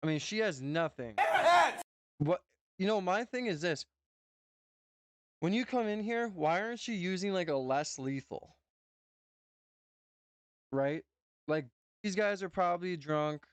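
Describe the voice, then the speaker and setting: A man's voice: high-pitched, animated, measured pace, long pauses, no echo. A man with a North Dakota accent, a streamer giving loose, profane reaction commentary full of "bro" and "man".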